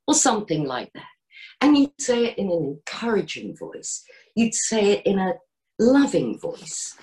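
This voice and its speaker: Middle-aged woman coach, podcast guest; lively, expressive delivery, acts out voices. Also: medium pitch, a little slow. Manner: animated, gently encouraging, acts out inner voices. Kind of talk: podcast interview.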